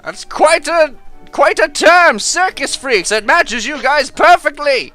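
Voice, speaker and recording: A man voicing a tiny, cranky old male gnome shopkeeper who talks in a high, loud, rude and impatient voice. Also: animated, slow, faint music behind, heavily acted. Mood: brusque.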